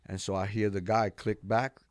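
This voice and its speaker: A man from Texas, a pastor and podcast guest, telling his life story in a lively, animated way, acting out what people said and laughing now and then. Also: lowish voice, moderate pace, dry recording, clean studio sound. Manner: animated storyteller, acts out quotes, laughs often. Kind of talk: storytelling interview.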